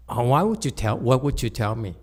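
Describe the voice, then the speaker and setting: In a Buddhist hall, a medium-pitched man gives a teasing dharma lecture. He laughs often, repeats himself, and swings from soft asides to loud emphasis.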